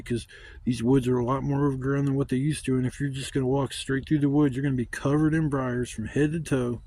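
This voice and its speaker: A man's voice: medium pitch, mellow. A man chatting casually outdoors at his woodland campsite, rambling and swearing freely as he vlogs. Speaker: camping vlogger. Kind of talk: casual chat.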